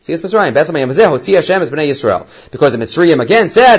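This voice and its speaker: Animated man teaching a Torah class. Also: on the high side, quick pace, slightly rough. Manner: animated, acts out quoted voices, mixes Hebrew terms. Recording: dull lo-fi recording.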